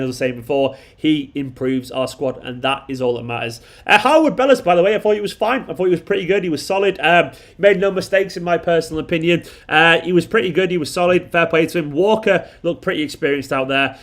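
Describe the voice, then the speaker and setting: A man rattles through a live football reaction at a rapid clip, in a fairly high voice. He is excitable and emphatic, repeating words for effect as he answers his viewers' comments. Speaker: football fan channel host.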